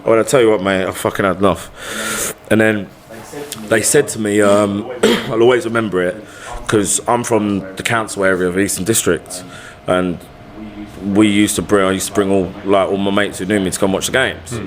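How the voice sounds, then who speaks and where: A lowish-voiced man tells career stories as a podcast guest. He talks in a blunt, colloquial way, swearing freely as he chats. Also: fairly even intonation, normal speed. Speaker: football manager, podcast guest. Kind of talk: casual storytelling chat.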